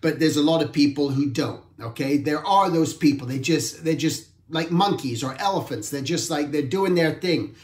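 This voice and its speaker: A man with a somewhat high voice hosts a relaxed art talk, thinking out loud and often restarting his sentences. The sound is roomy and echoey. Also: moderate pace, hardly any pauses. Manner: rambling, reflective, self-correcting. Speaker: artist hosting an art talk. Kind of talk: casual talk.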